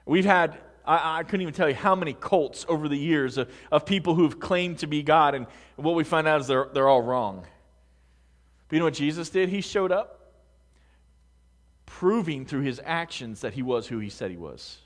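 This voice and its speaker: A man preaching a sermon to a congregation, talking conversationally with rhetorical questions and swinging between hushed words and loud emphasis. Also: on the high side, animated, moderate pace. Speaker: pastor. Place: large room with a congregation. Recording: long hall reverb.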